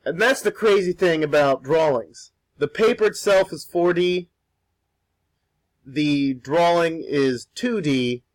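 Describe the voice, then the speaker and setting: Rambling young man, fairly high voice. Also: slow pace, dry recording, rough recording. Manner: rambling, repeats words, swears casually. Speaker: art streamer. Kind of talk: casual talk while drawing.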